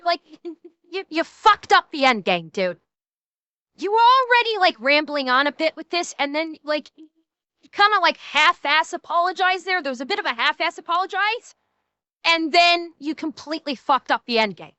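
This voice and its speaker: A woman's voice: very high-pitched, big pitch swings, moderate pace, bright, forceful tone, no room sound. A woman streamer giving blunt, heated, profane commentary while reacting to clips.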